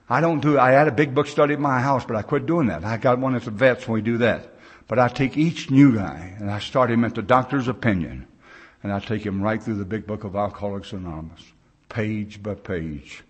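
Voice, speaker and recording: An older man with an American accent, speaking at a mid-range pitch, tells his recovery story to a large gathering. He is plain-spoken and folksy. He slips into the voices of the people he quotes. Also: slightly rough. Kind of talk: personal recovery story told to a conference crowd.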